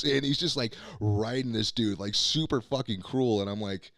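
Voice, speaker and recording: A man's voice: medium pitch, moderate pace, hardly any pauses, fairly bright tone, dry recording, clean studio sound. A man hosting a casual podcast chat, rambling and swearing, with many fillers. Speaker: podcast host.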